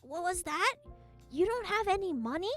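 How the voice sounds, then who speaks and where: A woman voicing a pushy restaurant waitress who talks loudly and accusingly. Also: extremely high pitch, lively intonation, moderate pace, faint music behind, pitched above the performer's own voice. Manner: bossy and accusing, loud.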